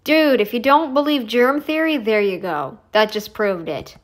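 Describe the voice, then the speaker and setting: Chatty woman reacting, slightly high voice. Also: animated, moderate pace. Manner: chatty, blunt, says "dude" and "honey". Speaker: reaction commentator. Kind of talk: casual reaction commentary.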